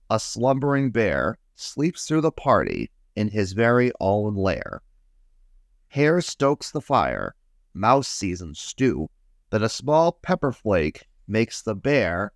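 A man hosting a podcast, reading a children's storybook aloud in an expressive, unhurried way. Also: fairly low pitch, no echo, clean studio sound.

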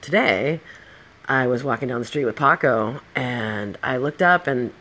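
Middle-aged podcast host, casual storyteller, blunt and swears freely, mid-range pitch. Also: expressive, measured pace, pushed and bright. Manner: blunt and profane, with heated outbursts.

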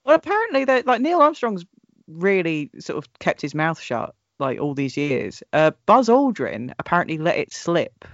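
Chatty man, slightly high voice. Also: sing-song, moderate pace, dry recording, dull audio. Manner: chatty, laughs often, restarts and trails off. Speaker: podcast host. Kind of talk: casual podcast chat.

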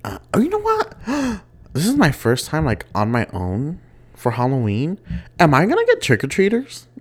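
A young man hosting a casual solo podcast, chatty and quick to laugh as he tells stories. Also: fairly high pitch, husky. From West Texas. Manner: chatty, giggly, animated storytelling. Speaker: podcast host.

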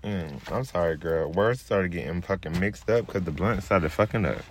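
A man's voice: moderate pace, a little hiss or hum. A man, ranting on his podcast in a brash, profane, casual way. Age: 20s. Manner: drops into a low, laid-back murmur while rolling a blunt. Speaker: podcast host. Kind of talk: casual rant.

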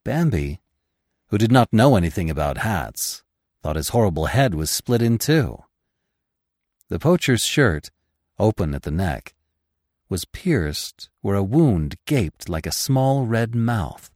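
Deep slow guy reading an old story, lots of lilt, dry close sound. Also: no room sound. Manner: measured, expressive storytelling. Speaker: narrator. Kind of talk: scripted narration of a classic novel.

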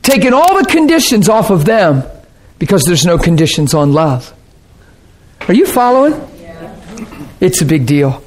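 A man's voice: high-pitched, sing-song, normal speed, long pauses. A man preaching a sermon in an earnest, conversational way, often checking that his listeners follow.

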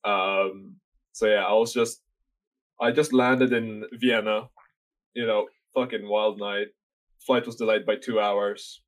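A young man from Norway talks loosely and at length, his voice sitting on the lower side. He rambles with plenty of fillers and swear words, in an easy chat between friends. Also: fairly even intonation, slow pace, low-quality recording. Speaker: podcast guest telling a story. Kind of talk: casual chat.

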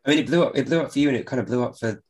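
A man's voice: medium pitch, very fast, darkish tone, husky. A male interviewer who asks his questions in a hesitant, searching way. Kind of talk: casual interview.

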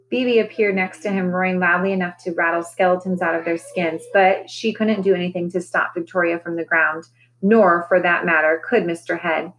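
A woman, a teacher, reading a children's novel aloud with expressive, dramatic storytelling. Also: on the low side, fairly quick, slight background noise, rough recording. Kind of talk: read-aloud storybook narration.

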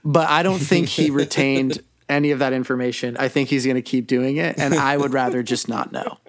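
A man in his thirties co-hosting a podcast, telling family stories in an animated way and laughing often. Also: medium pitch, brisk. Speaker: podcast co-host. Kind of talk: casual chat.

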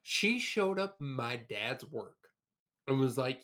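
A man's voice: mid-range voice, big pitch swings, slow pace, fairly bright tone. Blunt, profane man in his late twenties. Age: late 20s. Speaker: podcast host. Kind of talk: casual podcast chat.

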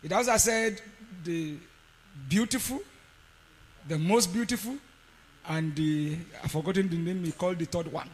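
A man preaching a sermon, telling a story with sudden shouts and quiet asides. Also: sits high, moderate pace, big-room sound, poor audio. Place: conference hall.

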